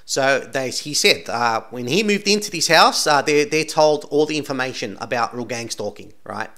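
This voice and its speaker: A man's voice: medium pitch, lively intonation, moderate pace, bright, forceful tone. A man talking through video clips in casual commentary, insistent and rambling, tagging almost every sentence with "right?". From Australia. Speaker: channel host commenting on videos.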